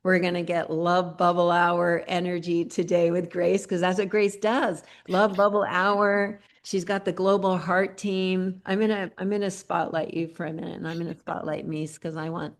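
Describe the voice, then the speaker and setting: A woman hosts an online community gathering over a video call. Her voice sits on the low side. She talks in an earnest, rambling way, full of filler words. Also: flat delivery, moderate pace, few pauses. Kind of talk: warm spoken tribute on a group video call.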